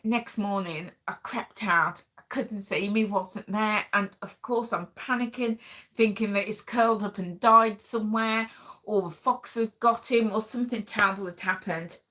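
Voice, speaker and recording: A woman's voice: mid-range voice, bright, forceful tone. A middle-aged woman, casually telling an emotional story to her viewers as a vlog host. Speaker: vlogger host.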